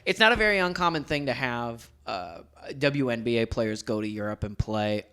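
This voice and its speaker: A man's voice: mid-range voice, animated, moderate pace, pushed and bright, clean tone. A young man hosting a casual podcast, telling stories in a loose, joking way with frequent ums and uhs. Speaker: podcast host.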